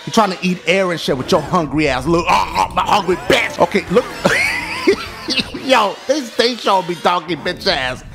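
A man giving loud, excited let's-play commentary, full of profane trash talk and yelling. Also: high-pitched, a little fast, creaky, hardly any pauses. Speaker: gaming commentator. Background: game music.

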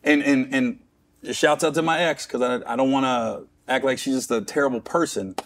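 A middle-aged Cincinnati, Ohio comedian, on as a guest, tells a personal story candidly at a moderate pace in a mid-range voice, with slight background noise. His telling rambles, with restarts and wry self-mockery.

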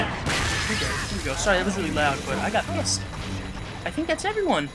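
A man giving casual let's play commentary, swearing and shouting at enemies as he plays. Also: high voice, wildly swooping pitch, a little fast, long pauses. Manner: swears and yells at enemies, loud angry outbursts. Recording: game music behind the voice. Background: video game music.

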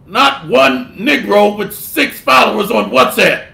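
High gravelly preacher rebuking fiercely. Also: male voice, animated, measured pace, pushed and bright. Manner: scolding, fiery rebuke; mocks others in put-on voices. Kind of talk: sermon. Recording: echoey room.

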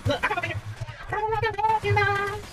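A woman's voice: very high voice, steady tone, fast talker, very noisy. A woman giving casual, chatty commentary while streaming a horror shooter, talking back to the game and her friends.

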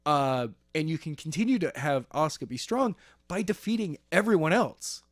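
A man co-hosting a casual wrestling podcast, animated and jokey, often slipping into silly voices for quotes. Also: a little high, normal speed, dry recording, clean studio sound. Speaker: podcast co-host. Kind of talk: casual chat.

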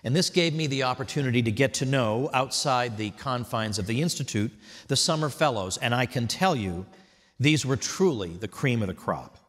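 A man giving a prepared tribute speech at an event, telling stories in a wry, animated way. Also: mid-range voice, moderate pace, in a large hall. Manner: wry, animated storytelling with mock voices. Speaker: speaker at an institute event. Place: hotel event hall.

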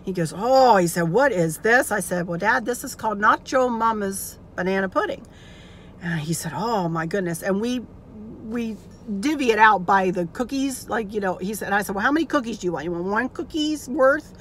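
A woman's voice: mid-range voice, lively intonation, normal speed. A woman telling a family story to her viewers in a casual chat, acting out what people said. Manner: chatty, storytelling, acts out quotes. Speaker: craft channel vlogger. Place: inside a car. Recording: noisy car interior. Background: car and road noise.

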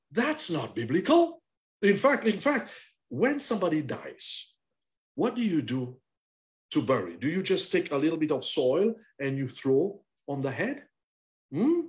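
A man, a pastor, preaching an animated sermon with call-and-response over a video call. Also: high-pitched.

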